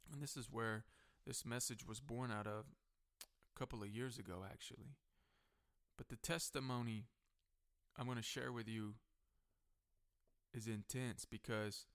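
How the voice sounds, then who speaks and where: A male pastor preaching a sermon who builds repeated refrains to higher, louder peaks and drops to a softer, slower voice for personal testimony. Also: vocal fry.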